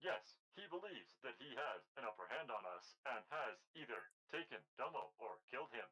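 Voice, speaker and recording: Bright-voiced male player, stiff and formal in character. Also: mid-range voice, big pitch swings, normal speed, low-quality recording. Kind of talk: in-character tabletop roleplay.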